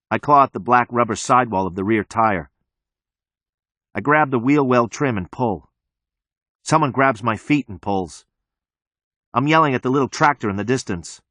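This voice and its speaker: A man reading a novel aloud in the first person, with tense, measured narration on a close mic. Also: fairly low pitch, pushed and bright, no room sound. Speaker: audiobook narrator.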